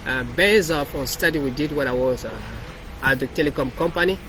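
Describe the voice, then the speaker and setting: A man's voice: fairly high pitch, fairly quick, fairly bright tone, a little hiss or hum, poor audio. Rambling man walking through his code. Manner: rambling, repeats and restarts phrases. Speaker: developer presenting his project. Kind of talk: casual walkthrough of code.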